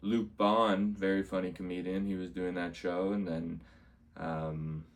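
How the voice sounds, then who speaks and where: A man's voice: deep voice, flat delivery, unhurried. A man who does stand-up comedy, casually recapping his week in a rambling way and repeating himself often. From Canada. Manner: rambling, repeats "amazing", acts out quotes.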